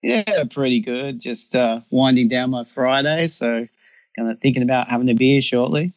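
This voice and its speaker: Easygoing Australian male guest, mid-pitched, casual interview talk, dry sound. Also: steady tone, normal speed, no room sound, rough recording. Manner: laid-back, easygoing. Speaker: podcast guest.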